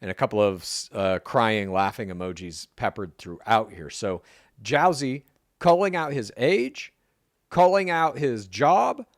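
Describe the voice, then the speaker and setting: A man co-hosting a podcast, recapping entertainment news in a wry, animated way. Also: lowish voice, unhurried, no echo, studio quality. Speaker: podcast co-host. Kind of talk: casual news recap chat.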